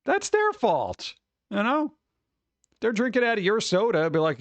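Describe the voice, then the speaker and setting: A man hosting a casual stream, chatting and riffing on viewer messages in a rambling, jokey way with animated rants. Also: high-pitched, normal speed, no room sound. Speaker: streamer host.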